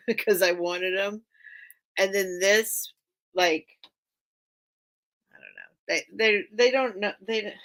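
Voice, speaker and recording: A woman's voice: medium pitch, bright, forceful tone. A woman hosting a casual live-stream sale, chatting and thinking aloud as she greets viewers by name. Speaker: live online sale host.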